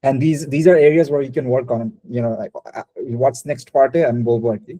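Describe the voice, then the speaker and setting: Fast-talking man teaching. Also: mid-range voice, warm tone, no echo, poor audio. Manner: rapid mix of English and Bengali, frequent restarts. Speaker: spoken English teacher. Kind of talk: live online class feedback.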